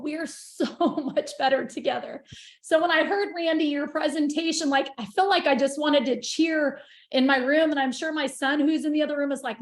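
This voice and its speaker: A woman's voice: high voice, a little fast, reverberant. A woman on a group video call, speaking passionately and getting emotional as she praises the others. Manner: gushing, passionate, wells up with emotion. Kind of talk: emotional casual sharing.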